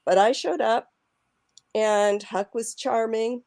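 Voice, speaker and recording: A woman on a live stream as the guest's wife, telling a story in a relaxed, lively way. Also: a little high, slow, a little hiss or hum. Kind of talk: casual storytelling on a video call.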